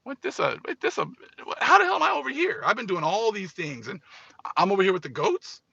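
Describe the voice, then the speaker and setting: A man's voice: on the high side, lively intonation, moderate pace, sharp tone, no echo, muffled recording, full character voice. A man voicing a proud, self-satisfied male churchgoer who sputters and boasts. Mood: indignant.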